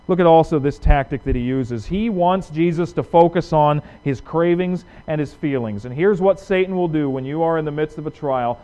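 Emphatic male preacher, lo-fi sound. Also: on the high side. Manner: emphatic, rhetorical questions, swings from loud to hushed. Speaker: pastor. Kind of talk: sermon. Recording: dull lo-fi recording.

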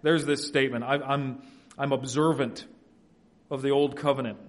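A man preaching an expository sermon, shifting between quiet, folksy asides and loud, emphatic passages. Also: mid-range voice, steady tone, moderate pace. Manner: folksy family anecdotes, laughs at own stories. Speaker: pastor.

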